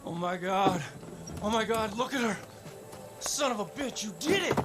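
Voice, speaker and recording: A man voicing an excitable, boisterous bush pilot who swears freely, in video game dialogue. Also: high voice, normal speed, heavy background noise. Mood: excited.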